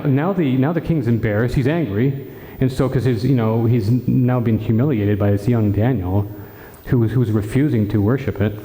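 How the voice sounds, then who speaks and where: A man preaching at a retreat, telling the story in an animated way and acting out the characters' lines himself. His voice is mellow and dark, middle in pitch. It carries through a big hall with a long, echoing reverb. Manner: animated storytelling, acting out dialogue, frequent restarts. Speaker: friar preacher. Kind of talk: retreat talk retelling scripture.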